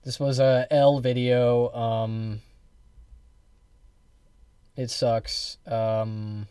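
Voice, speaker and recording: A man's voice: medium pitch, monotone, drawn-out words, dark tone, clean tone, no room sound. A male host casually reacting to a video, dismissive and swearing freely. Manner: laid-back, dismissive, swears.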